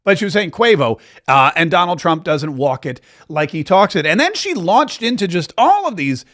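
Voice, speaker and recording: Sarcastic male radio host, slightly high. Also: big pitch swings, moderate pace, a bit bright. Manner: sarcastic, mocking asides with laughs. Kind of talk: opinionated political commentary.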